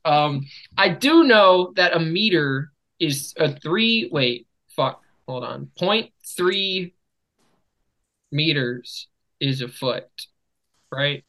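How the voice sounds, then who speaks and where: A man's voice: on the high side, lively intonation, extremely slow, fairly bright tone, poor audio. An American man hosting a podcast in casual chat, telling stories with lots of swearing and laughter. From United States. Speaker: podcast host.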